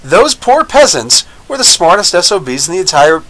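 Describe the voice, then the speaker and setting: An American man rambles through a casual episode review as the host of a live show. He talks in an animated way with a fairly high voice, stacking up restarts and asides. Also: moderate pace, rough recording. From United States. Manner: animated, rambling, with frequent laughs and mock voices.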